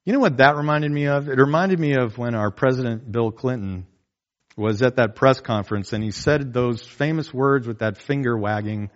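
A pastor preaching a sermon in a conversational way, often asking "right?" and acting out quotes. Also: male voice, medium pitch, normal speed, muffled recording.

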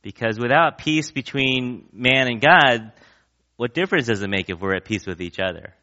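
A pastor delivers a conversational sermon in an animated, sharp-toned, medium-pitched voice at normal speed, often asking the congregation questions and acting out quotes. The recording is muffled.

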